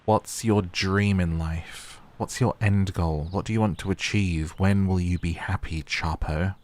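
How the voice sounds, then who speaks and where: Playful low-voiced gaming host. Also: male voice, fairly even intonation, a little slow, a little mellow. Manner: chatty and playful, teasing the characters. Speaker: gaming YouTuber. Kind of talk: casual game commentary.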